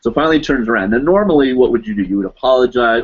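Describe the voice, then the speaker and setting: Speaking very fast in a medium pitch, a man hosting a live chat show rambles through a long, casual story. He leans heavily on "you know" and "like" as he goes. It's captured in dull, lo-fi livestream sound.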